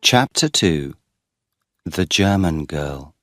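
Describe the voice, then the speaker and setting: A man reading a story in slow, clear, expressive scripted narration for English learners. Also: extremely low pitch, dry recording, clean studio sound, faint music behind. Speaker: story reader.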